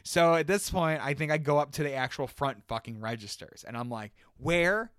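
Speaking at medium pitch and a little fast, this man rambles through a long, profane story while co-hosting a casual podcast. The recording is studio quality with no echo, and his retelling is animated.

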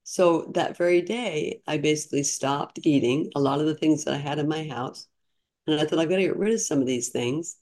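A woman's voice: a bass voice, darkish tone. Woman in her 60s, podcast guest, chatty storytelling, earnest, restarts often. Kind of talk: casual storytelling interview.

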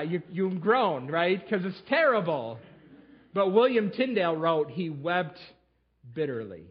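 A man's voice: fairly high pitch, dull audio. A man preaching a sermon to his church, telling history with emphatic storytelling. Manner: emphatic storytelling, fillers and restarts. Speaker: pastor. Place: church sanctuary.

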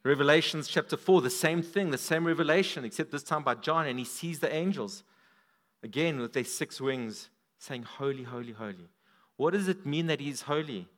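A man preaching a sermon at a church service, animated, his voice swinging up and down for emphasis. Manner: animated, rises and drops in pitch and volume for emphasis.

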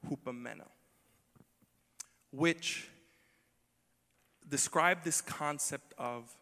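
A man preaching a sermon in a conversational, humorous way, moving between quiet asides and emphatic lines. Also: medium pitch. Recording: long hall reverb.

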